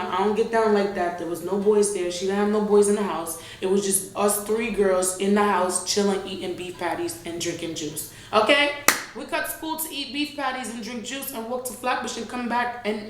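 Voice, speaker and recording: A young woman, telling an animated, slangy storytime vlog straight to her viewers. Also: medium pitch, normal speed, slight background noise. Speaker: vlogger. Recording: very echoey room.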